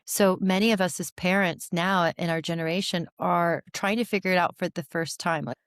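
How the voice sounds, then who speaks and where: A woman in her forties, a therapist talking as a podcast guest, explaining with animated energy and frequent restarts. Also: fairly low pitch, brisk, clear, resonant tone, no echo, studio quality. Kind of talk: podcast interview conversation.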